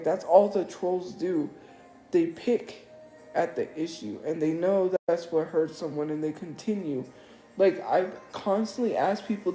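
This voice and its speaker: A woman livestreamer with a low, dark voice delivers an emotional monologue, upset and defensive, repeating herself. The room is echoey, with faint music.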